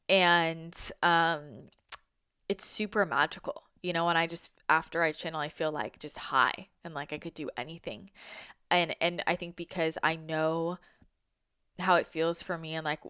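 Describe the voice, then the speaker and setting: A young woman with a smooth, slightly low voice talks through her experience of channeling in a loose, meandering way. She leans on fillers and casual swearing, sounding heartfelt and unguarded. The sound is dry and close, with no room around it. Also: pushed and bright, no echo. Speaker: spiritual channel, podcast host. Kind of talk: casual reflective monologue.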